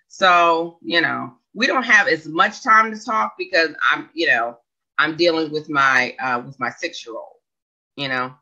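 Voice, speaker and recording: In her forties and hosting a casual livestream, this woman reads viewers' comments, chatting, rambling, second-guessing herself and laughing often. Her voice is deep and a little slow, with a pushed, bright quality. The recording has a dull, lo-fi sound.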